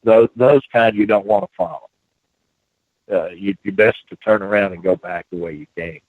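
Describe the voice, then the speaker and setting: Halting man on a tinny phone line. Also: on the low side, no room sound. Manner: halting, many restarts and fillers. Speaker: guest researcher. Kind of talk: phone-in radio interview.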